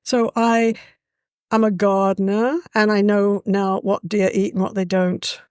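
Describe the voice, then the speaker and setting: A woman's voice: medium pitch, measured pace, smooth, dry recording, studio quality. A woman, talking as a guest in an easygoing, storytelling way with a frequent "you know". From England. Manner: lively, warm-hearted, with a frequent "you know". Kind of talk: casual conversational storytelling.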